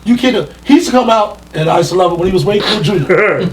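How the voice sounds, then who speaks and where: A man who is a guest in a casual round-table chat, an excitable storyteller who acts out what people said. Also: high voice, fast talker. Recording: slightly distant mic with faint hum.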